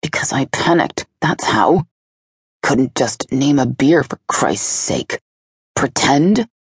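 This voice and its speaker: A woman's voice: a bass voice, expressive, slow, husky, dry recording, studio quality, heavily acted. A woman voicing a frustrated young professional woman who mutters sarcastically to herself, in an audiobook.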